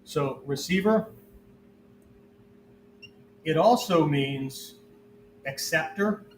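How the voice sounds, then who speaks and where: A man's voice: a little high, very slow, a little hiss or hum. A male martial arts instructor giving a whiteboard lesson in a loose, conversational way, checking in with his listeners after nearly every phrase. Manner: checks in constantly with "okay?" and "right?"; loose, conversational explaining with fillers. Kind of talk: whiteboard teaching talk.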